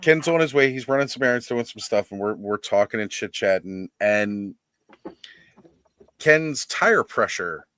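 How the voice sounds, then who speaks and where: A man hosting a casual live-stream chat, telling a funny story in an animated way and laughing as he goes, over a video call. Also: on the low side, a little slow, clear, resonant tone. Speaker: host of a toy-collecting live stream.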